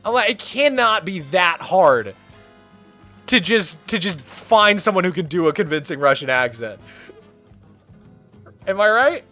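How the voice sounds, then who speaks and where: A man in his thirties chatting casually on a live game stream, rambling in an animated way with lots of filler words. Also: sits high, unhurried, long pauses, faint music behind. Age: 30s.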